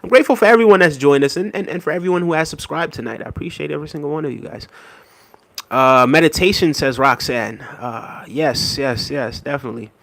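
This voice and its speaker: A man hosting a casual livestream, reading out viewer comments and thanking them in a relaxed, easygoing way with soft laughs. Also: a little high, brisk, creaky, dry recording. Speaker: livestream host. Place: New York City.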